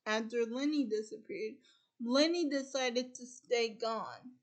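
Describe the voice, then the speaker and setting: Hosting an informal conversation, this high-voiced woman takes her time retelling what happens in a movie. Events pile up one after another joined by "and then," and she often doubles back to begin an idea again.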